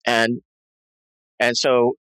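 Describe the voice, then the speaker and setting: A man's voice: mid-range voice, monotone, drawn-out words, fairly bright tone, clean tone, dry recording, rough recording. Male interview guest, agitated, rambling storyteller, dry close sound. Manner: rambling, many restarts and fillers; tense, agitated retelling. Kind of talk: recounting a personal story.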